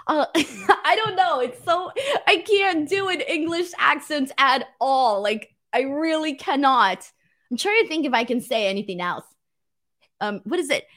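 A woman's voice: high-pitched, expressive, unhurried, fairly bright tone. A woman from California with a Valley girl accent, hosting a wrestling show in a casual, self-mocking livestream chat with her viewers.

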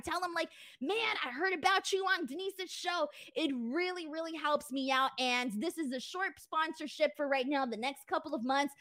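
A woman's voice: sits high, fairly bright tone, dry recording, clean studio sound. A young woman hosting a wrestling talk show, chatting casually with lots of fillers and reading a sponsor spot in an upbeat way. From Southern California.

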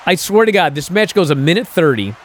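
A man's voice: fairly high pitch, a little fast, slight background noise. A male podcast host giving a casual, incredulous recap, filled with "uh" and "and so". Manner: animated, incredulous storytelling with many fillers.

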